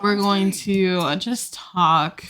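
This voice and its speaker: This young woman's mid-range voice is steady, slow, and a little bright. Recording on a desktop USB microphone, she narrates a casual let's play, talking freely and inventing backstories for her characters while playing.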